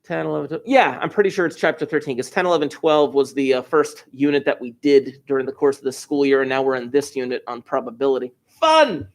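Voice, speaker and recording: A middle-aged man from New Jersey, a high school math teacher giving a classroom lecture full of chatty, enthusiastic asides. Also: expressive, fast, few pauses.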